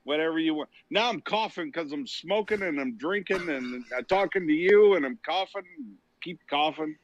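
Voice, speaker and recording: A man's voice: on the high side, lively intonation, moderate pace, slight background noise. Profane ranting man on a muffled call. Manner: profane mock-angry ranting. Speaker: guest podcaster. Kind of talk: casual banter on a call. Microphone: phone call.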